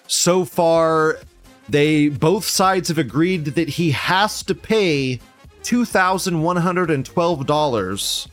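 Man ranting as host, higher voice. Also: a bit bright. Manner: profane, mocking, laughs often. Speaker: host of a news commentary show. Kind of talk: casual ranting commentary.

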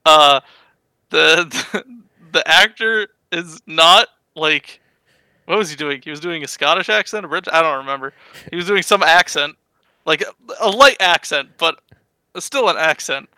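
Bright, crisp-voiced American man. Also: on the high side, unhurried, no echo, rough recording. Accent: Mid-Atlantic American. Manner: hesitant, filler-heavy storytelling. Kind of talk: casual chat.

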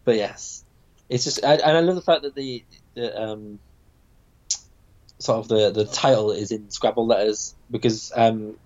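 A man's voice: fairly low pitch, unhurried, darkish tone, muffled recording. A man chatting casually about a comic book, rambling with many fillers and restarts.

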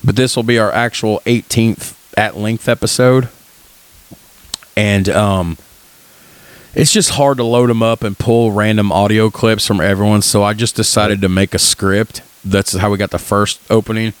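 Lower-voiced man in his thirties, joking. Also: steady tone, moderate pace, clean tone. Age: 30s. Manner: joking, rambling, does voices in his stories. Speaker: podcast co-host. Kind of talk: casual podcast chat.

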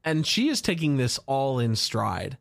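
Lively, wry podcast co-host. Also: medium pitch, unhurried, gravelly. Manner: wry, expressive, joking asides. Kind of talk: casual podcast review chat.

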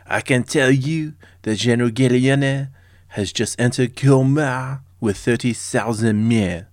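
A man voicing a male Parisian newspaper editor in a cafe, with a put-on French accent and slow, exaggerated delivery. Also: mid-range voice, a little mellow, no room sound, clean studio sound, voice pushed up, lightly acted. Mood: boastful.

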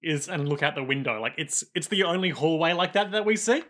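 A man with a bright, slightly high voice talks through an anime episode with a co-host. He rambles with quick jokes and asides, in an easy chatty way. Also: lively intonation. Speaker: podcast co-host. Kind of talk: casual chat recapping an anime.

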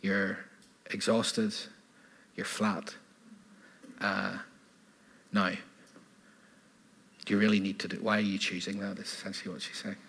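A man preaching a sermon in an animated style, asking rhetorical questions and adding laughing asides, in a church hall. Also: low-pitched, moderate pace, vocal fry, pauses often, slight background noise. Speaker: pastor.

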